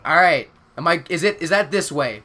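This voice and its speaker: A young man commentating his own game live while streaming, swearing often and panicking out loud. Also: fairly high pitch, expressive, moderate pace. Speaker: gaming streamer.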